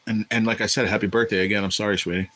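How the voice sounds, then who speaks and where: A man's voice: fairly low pitch, fairly even intonation, very fast, bright, forceful tone, poor audio. A man hosting a casual livestream, talking in a blunt, profane, irritated way. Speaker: livestream host.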